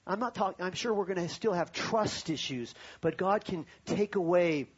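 A man's voice: sits high, moderate pace, husky, dull audio. A pastor preaching a sermon to his congregation, telling a personal story and then rising to fervent preaching.

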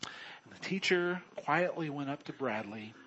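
A man preaching a sermon, earnest and unhurried, swinging between loud bursts and quiet low drops. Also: expressive, muffled recording, slight background noise. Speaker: pastor.

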